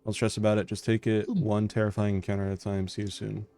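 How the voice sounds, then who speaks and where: A male streamer reading video game messages and journal entries aloud in a deadpan, flat delivery. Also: fairly low pitch, fast talker, faint music behind.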